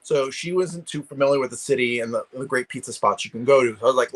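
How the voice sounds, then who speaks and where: A man's voice: medium pitch, fast talker, noisy background. A man chatting casually over a video call, rambling with many restarts. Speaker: guest collector. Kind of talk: casual chat.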